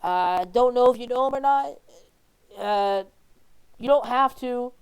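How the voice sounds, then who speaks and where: A woman's voice: fairly high pitch, measured pace, clear, resonant tone, pitched above the performer's own voice. A woman voicing a chatty, hesitant teenage boy who works at a tavern. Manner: rambling, hesitant.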